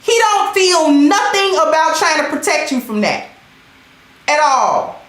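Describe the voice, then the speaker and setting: A woman hosts a livestream in a loud, emphatic, slang-heavy voice that sits very high. Her pitch swoops about a lot as she drives her points home. The sound rings through a very echoey room. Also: very animated, a little slow. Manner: reads out and thanks chat commenters. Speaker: livestream host.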